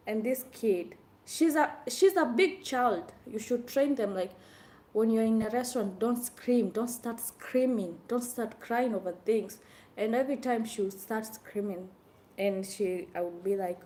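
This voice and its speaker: A young woman talking casually to viewers about her hard time working as a nanny, telling it in an animated, exasperated way. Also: mid-range voice, a little hiss or hum. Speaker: former nanny sharing experiences. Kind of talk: casual vlog talk to viewers.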